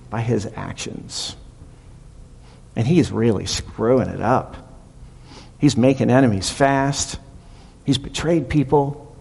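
A man's voice: medium pitch, creaky, darkish tone. A male pastor preaching a casual, conversational sermon, retelling a story with animation. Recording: long reverb of a hall.

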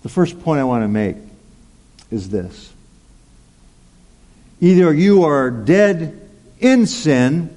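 A man's voice: a little high, very animated, slow, long pauses, dark tone. A male pastor preaching a sermon, telling a personal story in a chatty way with asides like "okay?" and "right?". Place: large church hall. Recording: long hall reverb.

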